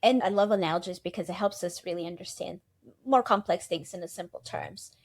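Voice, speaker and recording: A woman in a casual podcast conversation, explaining gently through analogies and often affirming with a quick yes. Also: fairly low pitch.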